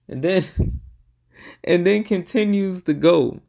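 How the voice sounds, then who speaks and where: A young man talks through a casual reaction video in a fairly high voice with a gravelly fry. He is excitable and profane, and he keeps acting out what people said in quick quoted bursts.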